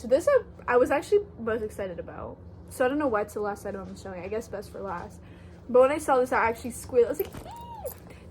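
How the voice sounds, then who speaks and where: A woman's voice: a little high, darkish tone, slight background noise, rough recording. A young woman from Canada chatting casually in a haul vlog, bubbly and gushing, full of "like" fillers. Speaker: thrift haul vlogger.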